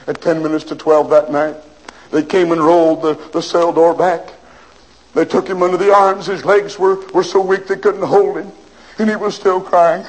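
A man's voice: a little high, fairly even intonation, moderate pace, a little mellow, rough recording. A man preacher telling a vivid story in a sermon, then urging listeners with grave appeals. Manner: dramatic storytelling, urgent appeals.

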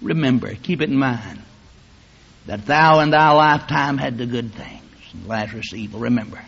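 A man preaching a fiery sermon, swinging from hushed tones to shouting and drawing out words for emphasis. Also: mid-range voice, normal speed, gravelly, slightly rough. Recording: dull lo-fi sermon recording.

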